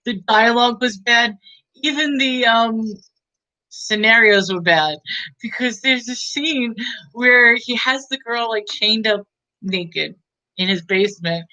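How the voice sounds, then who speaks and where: A woman's voice: a little high, pushed and bright, dull audio. A woman giving a casual, rambling movie review, chatty and giggly, with many fillers.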